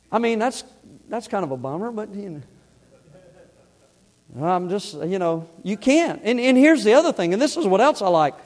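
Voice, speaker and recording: A man with a notably high voice delivers a sermon from the pulpit of a church. His talk is folksy and plain-spoken, and it swells into loud, emphatic exhortation. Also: expressive, moderate pace, long pauses. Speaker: pastor. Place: church sanctuary.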